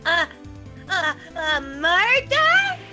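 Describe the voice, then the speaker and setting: A woman's voice: very high-pitched, animated, normal speed, bright, forceful tone, soft background music, heavily acted. A woman voicing an eager, wide-eyed young female sidekick in a fan dub of a game. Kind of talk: fan voice acting of a game playthrough.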